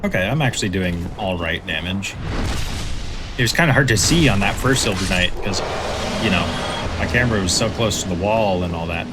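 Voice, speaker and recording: A man hosting a let's play, explaining game mechanics in a relaxed, casual way with dry humor. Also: low-pitched, brisk, loud music behind the voice. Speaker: host, let's play commentator. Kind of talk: casual gameplay commentary.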